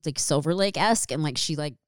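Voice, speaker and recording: Young woman podcast host, low smooth voice, chatty and candid, fillers everywhere. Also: quick pace, dry recording, studio quality. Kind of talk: casual chat.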